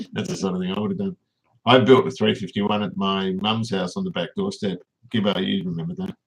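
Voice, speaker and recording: A man's voice: deep voice, steady tone, brisk, poor audio. An Australian man hosting a casual livestream, rambling and reading viewers' comments aloud as he answers them. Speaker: livestream host.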